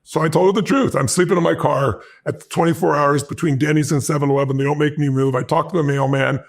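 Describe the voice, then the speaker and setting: A man telling a personal story in an animated, intense way, acting out the voices of the people in it. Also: fairly high pitch, gravelly. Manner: fast, intense, acts out the dialogue in his anecdotes. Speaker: motivational speaker.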